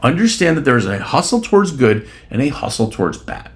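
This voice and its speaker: Fairly quick and mid-range, with big pitch swings, the voice belongs to a man hosting a podcast by himself. He gets blunt and opinionated, swears casually, and keeps asking rhetorical questions, often ending with "right?"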